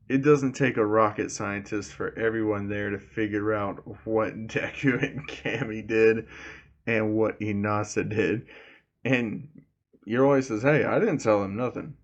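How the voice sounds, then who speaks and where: Man, casual storyteller, slow, lowish voice, dull lo-fi sound, rambling fillers. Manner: rambling, many "you know" fillers. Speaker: fan fiction storyteller.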